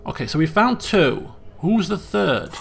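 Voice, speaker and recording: A man's voice: a little high, sing-song, measured pace, vocal fry. A man hosting a let's play, chatting casually and questioning himself aloud as he works through the game. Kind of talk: casual gaming commentary.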